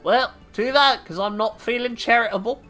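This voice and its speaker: A woman voicing a gruff, cocky male mercenary from a game, in a put-on British accent that slides into Australian, rough and swaggering. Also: a little high, normal speed, a bit bright, soft background music, voice pushed up, lightly acted. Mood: scornful. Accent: put-on British slipping into Australian. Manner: rough, swaggering, clipped drops like "oi" and "ain't". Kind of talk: reading game dialogue aloud.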